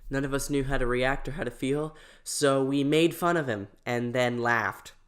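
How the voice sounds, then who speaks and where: A young adult YouTuber giving sarcastic, mocking commentary with quick asides. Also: medium pitch, fairly bright tone.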